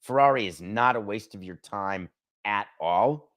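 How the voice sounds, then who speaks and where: A man's voice: fairly low pitch, unhurried, fairly bright tone. A middle-aged man hosting a solo sports talk show, brash and opinionated, firing off emphatic rhetorical questions.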